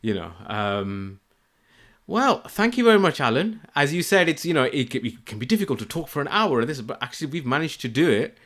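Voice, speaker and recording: A man's voice: a little high, big pitch swings, brisk, fairly bright tone. A man hosting a podcast, chatting in a friendly, rambling way with plenty of fillers. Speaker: podcast host. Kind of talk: casual interview chat.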